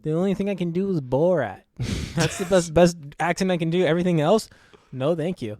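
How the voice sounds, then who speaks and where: A man's voice: fairly high pitch, fairly quick, darkish tone, dry recording, clean studio sound. A man co-hosting a movie review podcast, chatting in an easygoing, self-deprecating way with frequent chuckles. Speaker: podcast co-host. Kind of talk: casual chat, movie review.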